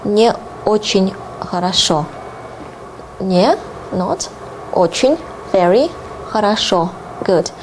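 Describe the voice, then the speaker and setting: Woman teaching phrases at an unhurried pace. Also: mid-range voice, animated, darkish tone, a little hiss or hum, poor audio. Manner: repeats phrases slowly and clearly, with fillers. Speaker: language teacher. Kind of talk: slow, careful language lesson.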